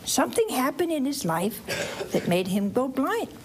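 In a noisy setting, a woman preacher with a high voice speaks at a moderate pace. She delivers an animated Bible story in church for children and families, asking the audience questions and voicing the characters.

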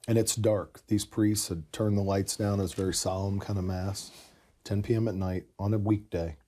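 Husky man earnestly telling a story. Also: fairly low pitch, warm tone. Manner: earnest, reflective, with frequent "you know". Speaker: podcast guest telling his conversion story. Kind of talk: casual storytelling conversation.

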